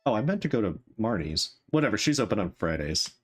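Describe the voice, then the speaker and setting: Low-voiced man chatting over gameplay. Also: very animated, quick pace. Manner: playful, chats to game characters. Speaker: game streamer. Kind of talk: casual gameplay commentary. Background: faint game music.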